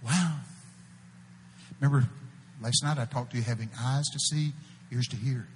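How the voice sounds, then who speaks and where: A man preaching a sermon, telling folksy stories and breaking out to shout quoted prophecies before dropping to a hush. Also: mid-range voice, fairly quick, big-room sound, a little hiss or hum. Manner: animated, folksy, shouts out quoted prophecies, swings between loud and hushed. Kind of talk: sermon with storytelling. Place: church.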